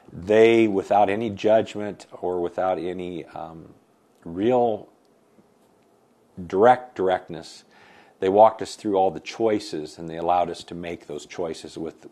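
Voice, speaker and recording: A bereaved father speaking haltingly and thoughtfully in a documentary interview, pausing often. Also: low-pitched, mellow. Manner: halting, reflective, many pauses.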